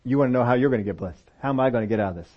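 A man preaching a sermon in a conversational, lively way, acting out small exchanges as he goes. His voice sits at an ordinary middle pitch. The recording is dull and lo-fi. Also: very fast. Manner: animated, acts out dialogue voices.

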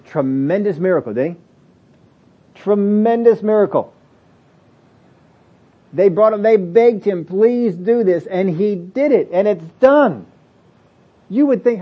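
A man's voice: high-pitched, breathy edge. Plain-spoken preacher man, lo-fi recording. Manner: plain-spoken, acts out imagined excuses in varied voices. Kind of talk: sermon. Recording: dull lo-fi audio recording.

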